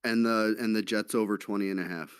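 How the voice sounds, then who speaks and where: A man chatting casually about sports bets in a laid-back manner, making deadpan jokes. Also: fairly low pitch, a little fast, clear, resonant tone, no room sound, studio quality. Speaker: podcast guest. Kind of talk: casual sports betting chat.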